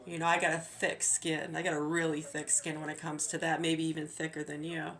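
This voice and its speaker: A woman's voice: deep voice, level tone, brisk, fairly bright tone. A middle-aged woman, a mother, talking in a rambling, aggrieved monologue full of restarts and swearing. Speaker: mother venting.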